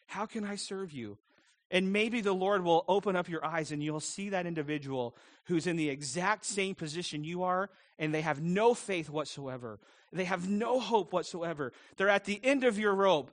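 A man's voice: sits high, moderate pace, fairly bright tone, no room sound. A man preaching a sermon as pastor, earnest, posing many rhetorical questions and chuckling often.

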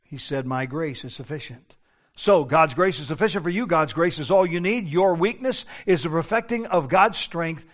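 An older man, a pastor, preaching a sermon earnestly, moving between hushed low passages and raised urgent ones. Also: normal speed.

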